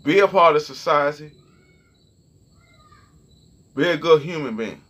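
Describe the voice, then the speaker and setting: Young male vlogger, husky tone, animated and heated, swearing freely while talking to the camera. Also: on the high side, a little slow. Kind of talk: casual storytelling rant.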